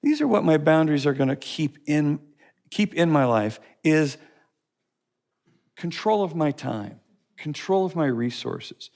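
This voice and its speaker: A man's voice: on the high side, sing-song, measured pace, creaky, long pauses, a little mellow. A man teaching a course session, speaking emphatically with repetition and stories. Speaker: teacher of a life-skills course. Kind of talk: teaching talk to a class.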